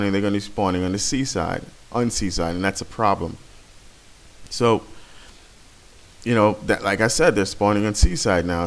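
A man talking over his gameplay footage in a casual, rambling, profane way. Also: lowish voice. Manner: rambling and profane, with frequent restarts. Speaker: gameplay commentator.

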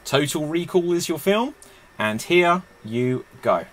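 A man hosting a live online improv comedy show, joking and laughing at himself. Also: on the high side. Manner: lively, jokey, quick to laugh at himself.

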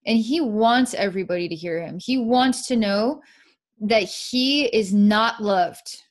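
A woman psychic leading a live energy-healing session, speaking softly with frequent sighs and dreamy, repetitive descriptions of what she sees. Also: medium pitch, a little slow. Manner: soft, sighing, repetitive, dreamy narration of visions.

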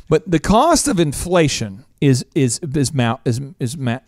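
A man hosting a business podcast, talking in an animated, jokey way with quick asides and playful impressions. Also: medium pitch, no echo. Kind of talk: energetic casual business talk.

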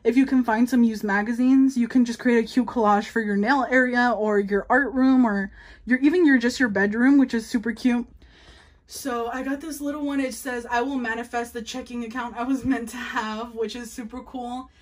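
A young woman giving a casual, chatty tour of her nail room, talking fast and a little nervously, with many fillers. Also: fairly high pitch, steady tone. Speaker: nail artist showing her workspace.

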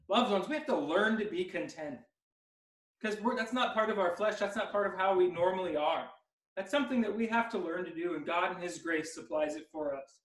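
A man preaching an expository sermon as pastor, emphatic and slowing down to stress key words. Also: high voice, fairly bright tone, reverberant, distant mic, rough recording. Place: church sanctuary.

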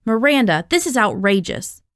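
A woman reading aloud voices an angry, short-tempered male drama teacher who shouts and snaps at the students. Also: on the high side, sing-song, moderate pace, dry recording, studio quality. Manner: shouting, exasperated.

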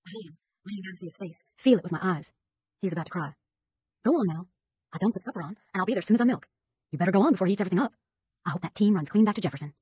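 A woman narrates a novel as an audiobook, racing through the first-person prose at a hurried clip. Her voice is breathy and husky and sits fairly low, and the recording is dry and close. She slips into a rural dialect for the characters' lines. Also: expressive, a little mellow, no room sound, low-quality recording. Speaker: audiobook reader.

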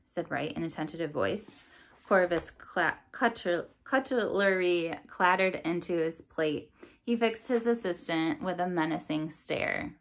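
A woman's voice: fairly low pitch, measured pace, creaky. A woman reading a novel aloud as a storybook reader, then chatting with listeners and asking their thoughts. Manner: friendly, chatty outro with questions to listeners.

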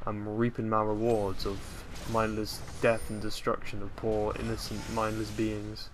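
A man's voice: on the low side, monotone, measured pace, a little hiss or hum. A man giving casual, rambling commentary over his own gameplay, joking at his own expense. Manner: rambling, self-mocking, jokey.

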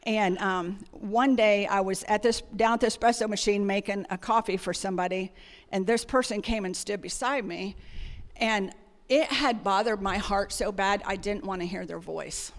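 A woman's voice: mid-range voice, moderate pace, in a large hall. A woman giving a conversational sermon, telling personal stories with frequent fillers. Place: church sanctuary.

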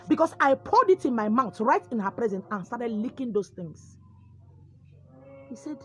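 A woman with a Nigerian accent telling a comic first-person story, dramatic and lively. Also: a little high, moderate pace, husky, no room sound, soft background music. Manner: dramatic, lively, code-switching.

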